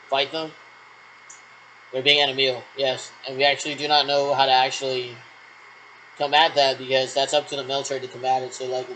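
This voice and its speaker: A man's voice: medium pitch, fairly bright tone, poor audio. Rambling man with a hissy mic. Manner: rambling, repeats "actually" often. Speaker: vlogger doing pretend radio checks. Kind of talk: solo role-play talking to imagined callers.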